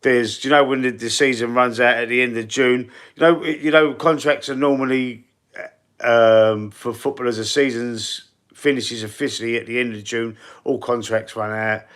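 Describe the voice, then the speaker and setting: A man with a Cockney accent from East London hosts a football live stream in a mid-range, slightly bright voice, with fairly even intonation at a moderate pace. The talk is casual, rambling and chatty with many fillers, and his nose is runny.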